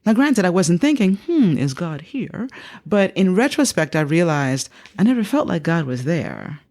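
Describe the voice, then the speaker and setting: A woman in her fifties, a psychotherapist being interviewed, telling a personal story in a lively way and acting out the voices she quotes. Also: normal speed. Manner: animated, acts out quoted speech with big pitch jumps. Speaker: psychotherapist guest.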